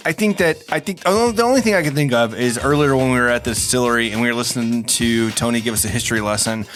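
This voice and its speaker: A man co-hosting a podcast in casual chat, jokey and lively, swearing casually. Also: mid-range voice, fast talker, soft background music. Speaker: podcast co-host.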